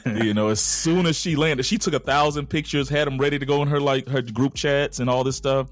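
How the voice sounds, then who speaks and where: A man co-hosting a podcast, casually retelling a personal story in a relaxed, conversational way. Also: mid-range voice, a little fast. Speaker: podcast co-host.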